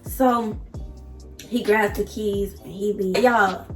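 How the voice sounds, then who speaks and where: A woman vlogger telling a personal story in an animated, emphatic way, addressing viewers directly. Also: mid-range voice, takes it slowly, roomy sound, soft background music. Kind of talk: casual storytime.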